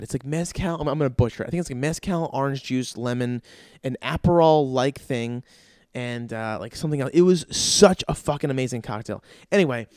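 A man casually telling an anecdote with lots of swearing, fillers and animated energy. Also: mid-range voice, no room sound, studio quality. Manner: animated, profanity-laced storytelling with frequent fillers.

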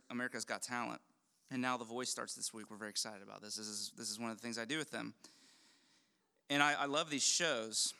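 A middle-aged man preaching a sermon as a pastor, conversational and animated, often restarting his phrases. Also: mid-range voice, clear, resonant tone. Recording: long hall reverb.

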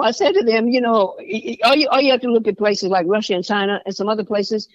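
A woman's medium-pitched voice comes quickly, with hardly any pauses, as she talks passionately on a podcast. A state senator and veteran, she repeats phrases for emphasis; the audio is dull, dry and lo-fi.

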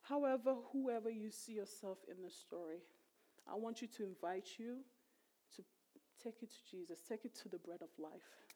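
Middle-aged woman preacher, mid pitch, chatty and emphatic sermon delivery. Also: moderate pace, warm tone. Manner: conversational, emphatic, voice rising sharply when retelling emotional moments.

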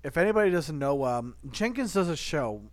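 A man's voice: on the high side, animated, fairly quick, no room sound. Earnest, repetitive podcast man. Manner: earnest, repetitive, restarts a lot. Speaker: podcast co-host. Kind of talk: casual chat.

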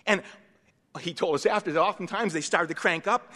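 Bright-voiced preacher in a reverberant hall. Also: male voice, on the high side, moderate pace, creaky, long pauses. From Massachusetts, USA. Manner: animated, swings between hushed and loud. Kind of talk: sermon with personal storytelling. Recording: long reverb of a large hall.

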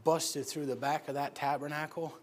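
A man from upstate New York preaching a sermon, telling stories and swinging from hushed asides to loud shouts. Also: a little high, level tone, normal speed. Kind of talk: sermon storytelling.

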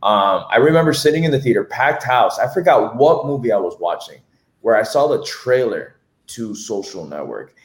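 A man co-hosting a casual film podcast, telling stories in an animated way and swearing freely. His voice sits at a middle pitch. The room around him is echoey. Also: normal speed. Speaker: podcast co-host. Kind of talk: casual film review chat.

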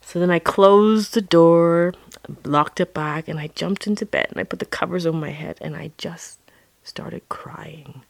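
A woman telling a personal story dramatically, dropping into hushed whispers and then rising into loud outbursts. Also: lowish voice, unhurried, dry recording.

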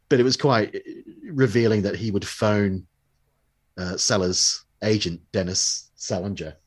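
A man's voice: sits low, slightly rough. A man co-hosting a podcast, talking casually and hesitantly about a documentary. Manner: hesitant, full of fillers and restarts. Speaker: podcast co-host. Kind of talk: casual chat reviewing a documentary.

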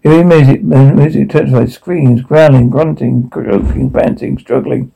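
A man reads out film sound captions one after another in a flat, matter-of-fact delivery. His voice is gravelly and husky, with a mellow, dark tone. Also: medium pitch, moderate pace, few pauses, poor audio. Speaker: audio describer.

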